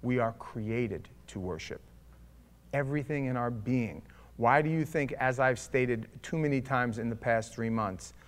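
A man preaching a sermon as pastor, conversational and wry, swinging between loud bursts and hushed asides. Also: medium pitch, slight background noise.

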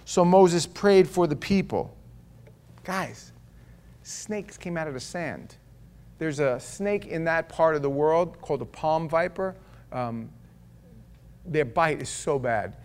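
A man preaching a sermon. He swings between loud, emphatic declarations and quiet, low asides, and he asks the congregation rhetorical questions. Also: expressive, takes it slowly, pauses often.

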